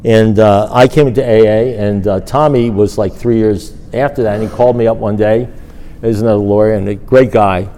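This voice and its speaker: Low-voiced man telling a rambling story. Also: brisk. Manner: rambling, animated storytelling with acted dialogue. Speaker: recovery meeting speaker. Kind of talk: personal story talk.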